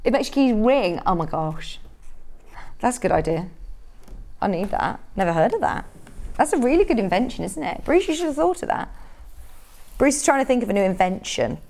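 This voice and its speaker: A woman's voice: mid-range voice, big pitch swings, moderate pace, long pauses, darkish tone. A woman presenting products on a live shopping channel, chatty and upbeat, full of tag questions. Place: TV studio.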